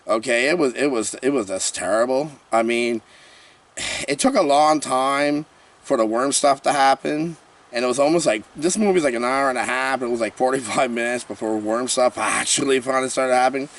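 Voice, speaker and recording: A man's voice: mid-range voice, distant mic. A man giving a rambling, jokey horror movie review, breaking into panicked screaming skits. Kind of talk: comedic movie review vlog.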